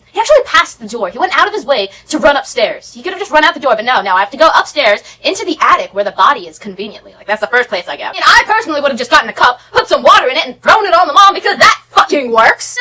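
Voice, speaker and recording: A woman vlogger rattles through a movie recap at a very quick clip, her voice bright and sharp. She sounds sarcastic and exasperated, rambling from one complaint to the next in casual commentary. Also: high-pitched, rough recording.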